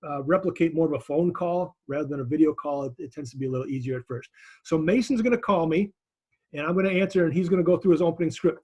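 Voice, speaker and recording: A man leads a class over a video call, giving direct, encouraging feedback. His voice sits a little high and he restarts phrases often as he talks. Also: warm tone, breathy edge. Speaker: instructor.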